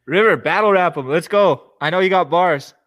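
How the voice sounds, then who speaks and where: A man's voice: high-pitched, moderate pace, fairly bright tone. A man hosting a casual comedic interview, egging the guest on with slang like "bro" and laughing often.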